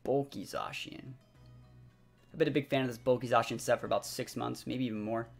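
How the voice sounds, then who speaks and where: A young man chatting excitedly as he commentates his own competitive game match, full of fillers. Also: medium pitch, fairly quick, creaky. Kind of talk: live gameplay commentary. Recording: faint background music.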